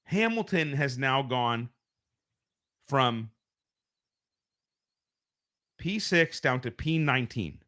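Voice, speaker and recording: A US man hosts an informal live stream at home using a home streaming microphone. His medium-pitched voice is expressive, pushed and bright, and he takes things slowly with long pauses. The talk rambles in a chatty way, with frequent self-correction.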